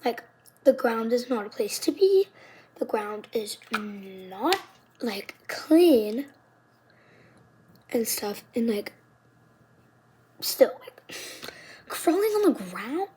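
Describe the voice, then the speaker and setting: Chatty high-voiced girl telling drama. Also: lively intonation, very slow, pauses often, mellow, a little hiss or hum. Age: child, fifth grader. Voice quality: high, youthful, shifts into whispered asides. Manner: chatty, dramatic retelling with many "like"s. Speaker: vlogger. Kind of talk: casual storytelling vlog.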